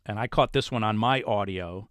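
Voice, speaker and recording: In an interview, a male paranormal investigator tells stories casually and animatedly, acting out the voices of people he quotes. His voice is lowish, his pace moderate, and there's no echo.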